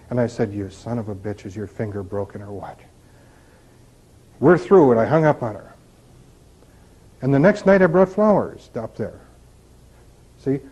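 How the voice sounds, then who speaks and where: Speaking informally about recovery, a man shares candid stories and throws out rhetorical questions. He has a warm, husky, mid-range voice, and the recording is dull and lo-fi.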